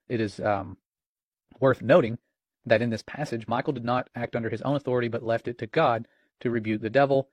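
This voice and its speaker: A man's voice: mid-range voice, no room sound. A middle-aged man co-hosting a Christian podcast, speaking in an earnest, alarmed way. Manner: earnest and alarmed, reads chat quotes aloud. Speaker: co-host of a Christian watchman podcast. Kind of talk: casual religious commentary.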